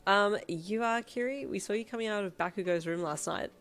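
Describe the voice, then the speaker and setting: A woman voicing a bubbly, loud teenage girl who squeals with excitement, in a storybook reading. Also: fairly high pitch, a little fast, soft background music, voice pushed up. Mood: excited.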